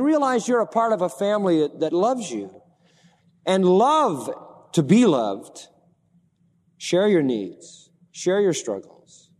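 A man's voice: sits high, a little mellow. A man preaching a sermon, emphatic, repeating key phrases for stress. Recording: long reverb of a large hall.

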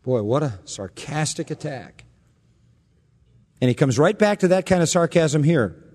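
A man's voice: fairly high pitch, animated, unhurried, darkish tone, big-room sound. A man preaching an expository sermon, emphatic and sarcastic, building in intensity as he drives his points home. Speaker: pastor.

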